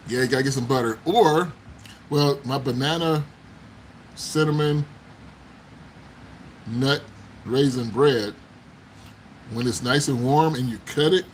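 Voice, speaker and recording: A man's voice: mid-range voice, slight background noise, poor audio. A man hosting a casual livestream, chatting with viewers, laughing often and exclaiming as he talks. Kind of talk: casual live chat. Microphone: phone.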